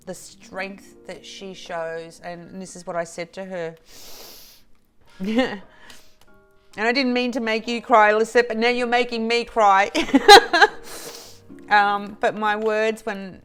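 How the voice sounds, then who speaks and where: A woman vlogger chatting to camera, slow and halting with restarts and soft laughs, teary and emotional. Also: fairly low pitch. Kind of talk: emotional casual chat to camera.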